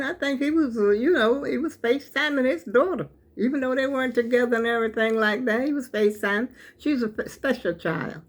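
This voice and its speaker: An older woman, hosting her own channel and giving an emotional, preachy talk that speaks straight to her viewers. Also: a little high. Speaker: channel host. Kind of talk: heartfelt talk to camera.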